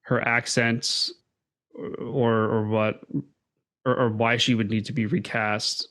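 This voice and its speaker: A man co-hosting a casual film podcast, giving a measured opinion while thinking it through aloud. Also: mid-range voice, level tone, fairly bright tone. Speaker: podcast co-host. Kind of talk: casual chat.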